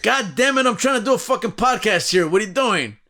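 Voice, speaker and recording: A man's voice: high-pitched, animated, a little fast, pushed and bright. A man hosting a casual podcast, rambling through a profane comic rant and laughing at his own jokes. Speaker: podcast host.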